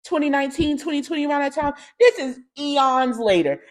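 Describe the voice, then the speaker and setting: A young woman hosting a podcast, telling a candid personal story in slangy, animated speech that jumps into loud acted-out quotes. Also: high voice, fast talker, hardly any pauses. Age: young adult. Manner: animated, slangy, swings into loud shouting impressions. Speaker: podcast host.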